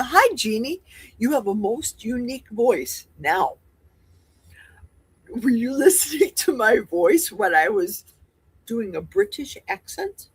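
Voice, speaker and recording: A woman's voice: on the high side, sing-song, takes it slowly, breathy edge, dry recording. A woman in her sixties from Wisconsin with a Midwestern accent, hosting a livestream in casual, rambling chat with folksy asides while reading viewer comments. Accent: Midwestern American. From Wisconsin, USA. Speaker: livestream host.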